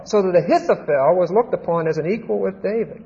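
In a dull, lo-fi recording full of long hall reverb, a man delivers a Bible teaching sermon in a high, creaky, dark-toned voice. He talks a little fast with few pauses, conversational yet emphatic, and frequently checks in with his audience.

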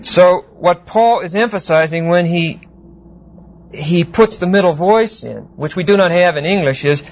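A man teaching a Bible exegesis class, unhurried and explanatory, often pausing to check that listeners follow. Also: high voice, a little hiss or hum. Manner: unhurried, explanatory, with frequent fillers and check-ins. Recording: dull lo-fi lecture recording.

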